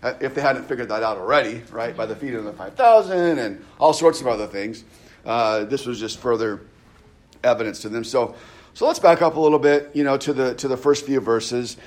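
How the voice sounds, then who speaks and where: A man's voice: mid-range voice, fairly quick, a little mellow. A man preaching a casual, conversational sermon, often checking in with his listeners and restarting phrases. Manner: conversational, frequent "right?" asides and restarts. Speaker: pastor.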